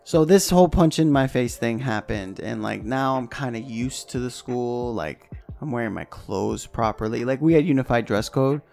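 A man co-hosting a podcast, telling a profane, animated story in casual chat and acting out the voices. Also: mid-range voice, moderate pace, gravelly, hardly any pauses, faint music behind. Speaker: podcast co-host.

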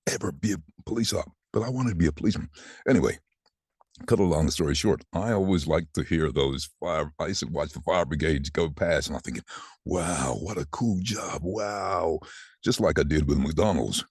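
A man in his sixties who is a voiceover artist, telling lively stories about his life in a relaxed interview. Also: rumbling low, slightly rough, no echo, studio quality. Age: 60s. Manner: chatty, animated anecdotes with laughs. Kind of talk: casual storytelling interview.

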